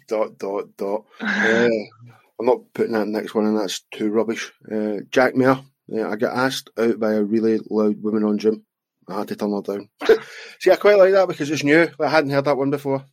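A man's voice: fairly low pitch, moderate pace, dry recording. A Scottish man co-hosting a podcast, casually reading out jokes and chuckling often. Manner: jokey, reads listener jokes, chuckles often. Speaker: podcast co-host. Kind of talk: casual chat.

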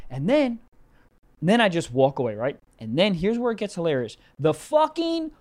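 Telling a story on a podcast he co-hosts, this man speaks in a high voice at normal speed. He's animated and profane in casual chat, performing the voices of the people he quotes.

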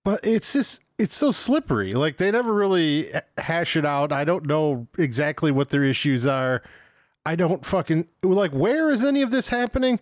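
A man's voice: a little high, animated, moderate pace, dry recording, clean studio sound. A man casually reviewing a movie as podcast co-host, rambling and exasperated, swearing freely.

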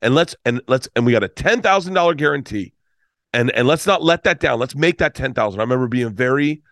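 A middle-aged comedian telling a rambling, emotional story in casual talk, swearing and restarting often. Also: male voice, mid-range voice, expressive, quick pace, fairly bright tone, no room sound, studio quality. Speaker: comedian guest.

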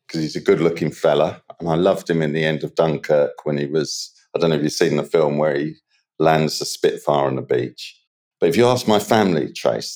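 A British man chatting as a podcast guest, telling stories in a relaxed, slangy way. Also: extremely low pitch. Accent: British English. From England. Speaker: guest, water treatment expert. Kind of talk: casual interview chat.

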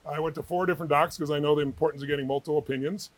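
A man being interviewed as a guest author, telling animated, emphatic stories in a quick, energetic manner. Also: on the high side, slight background noise, rough recording.

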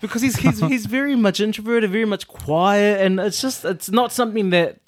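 A man co-hosting a casual chat show, animated and often acting out what people said. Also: high-pitched, normal speed, no echo, studio quality. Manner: animated, quotes people in put-on voices. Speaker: podcast co-host.

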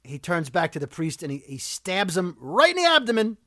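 A man hosting a casual chat that recaps a TV episode, talking fast and ranting about plot holes. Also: high voice, very animated, sharp tone, no room sound, clean studio sound. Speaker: podcast host recapping a TV episode.

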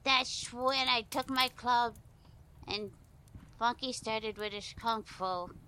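Lady putting on a loud bratty teddy bear guy, high bright voice, slow drawl. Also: slight background noise. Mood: rattled. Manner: brash, blustery. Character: gruff tough-talking male teddy bear.

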